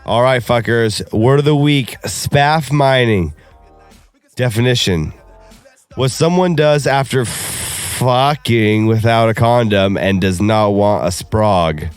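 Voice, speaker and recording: A man's voice: medium pitch, slow, clean tone, faint music behind. A young man co-hosting a podcast, talking in crude, profane banter and laughing often. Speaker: podcast co-host.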